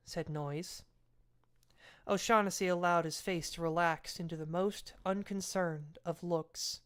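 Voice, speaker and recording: Woman reading a novel, lowish voice. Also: steady tone, unhurried, fairly bright tone. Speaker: audiobook reader.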